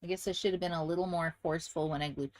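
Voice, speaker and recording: A woman's voice: fairly low pitch, fairly even intonation, rapid-fire, darkish tone. Chatty, enthusiastic woman craft host. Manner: chatty and enthusiastic, talks straight to viewers. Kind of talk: casual chat showing handmade card samples.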